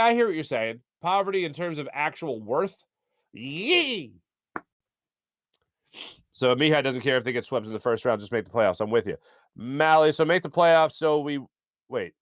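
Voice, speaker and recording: A man's voice: on the high side, no echo, studio quality. A man in his thirties hosting a live sports talk show, reading out viewer comments in a playful, joking way. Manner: playful, animated, jokey.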